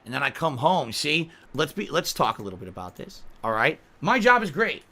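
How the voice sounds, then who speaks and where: A man's voice: on the high side, big pitch swings, brisk, pushed and bright. A male streamer ranting in indignant, profane commentary to his chat.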